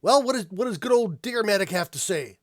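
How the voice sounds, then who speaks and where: A man voicing a gruff male deep gnome clan leader who speaks haltingly with many pauses. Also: animated, no room sound, studio quality. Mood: wary. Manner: hesitant, halting speech.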